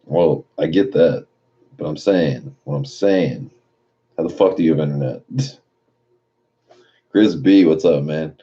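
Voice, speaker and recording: A very low, mellow-toned man chatting on a late-night live stream. He reads viewers' messages aloud and answers them loosely, with plenty of swearing. The audio is dull and lo-fi. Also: unhurried, pauses often. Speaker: live streamer reading chat.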